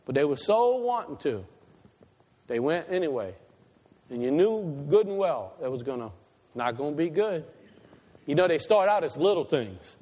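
A man delivering a sermon, his voice pitched high and lively. He climbs to loud, emphatic peaks, then drops to quiet, confiding asides. A long reverb trails behind him, as in a church hall. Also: normal speed. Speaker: pastor.

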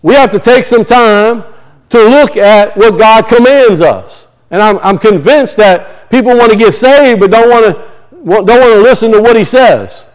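Man, middle-aged, pastor preaching, high voice, rhetorical questions. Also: moderate pace, rough recording. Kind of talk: sermon.

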